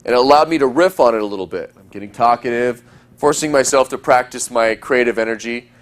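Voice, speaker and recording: A dating coach with a medium-pitched voice delivers a recorded lesson. He speaks rapidly and casually, frequently performing example lines.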